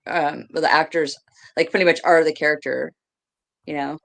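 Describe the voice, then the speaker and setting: A woman's voice: low voice, fairly even intonation, moderate pace, vocal fry, a bit bright. A woman co-hosting a podcast, chatting casually and easily, with lots of "like" fillers. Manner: chatty, says "like" a lot, easygoing. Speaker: podcast co-host. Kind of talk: casual chat.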